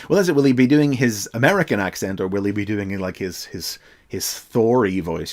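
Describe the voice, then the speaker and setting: Northern irish guy rambling on his livestream, lots of ums and uhs, lowish voice. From Northern Ireland. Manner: hesitant, many fillers and restarts. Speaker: livestream host. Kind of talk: casual livestream chat.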